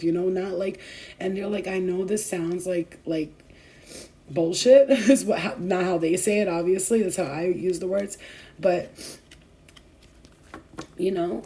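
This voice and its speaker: A young woman, a spiritual vlogger, speaks to her viewers in a mid-range, warm voice on a rough recording. Her talk is emotional and casual, rambling and heartfelt, packed with fillers and restarts, and at moments she sounds tearful.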